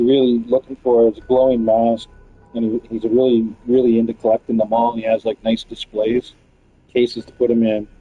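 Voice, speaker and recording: In casual chat, a man tells a long, wandering story about other players, loose and full of swearing and fillers. His husky, mid-range voice comes through narrow, tinny audio with no room sound.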